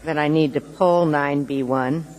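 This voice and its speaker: A man's voice: a little high, steady tone, a little slow, darkish tone. A man speaking as an assembly member, explaining a procedural request in a hesitant way, with fillers and restarts. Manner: hesitant, with fillers and repeated attempts. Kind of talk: council floor remarks. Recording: reverberant council chamber.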